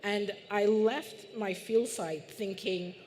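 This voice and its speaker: A woman's voice: mid-range voice, steady tone, takes it slowly, darkish tone, slight background noise. Earnest woman speaking on a panel. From Guyana. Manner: earnest, conversational, with restarts. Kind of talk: panel discussion. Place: conference stage.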